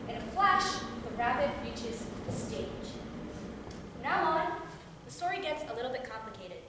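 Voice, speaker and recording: A woman performs a solo show live on a theatre stage, her high voice swooping up and down with bright, sharp energy. She talks straight to the audience and laughs often. The sound is caught from far off in a big echoey hall with a faint hum of the room. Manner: animated, addresses the audience directly, laughs often. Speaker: stage actor.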